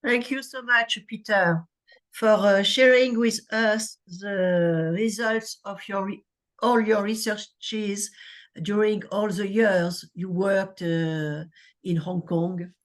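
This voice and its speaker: Slow-speaking woman with a French accent. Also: medium pitch, steady tone. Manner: halting, many uhs and restarts. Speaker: session moderator. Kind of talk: conference moderation.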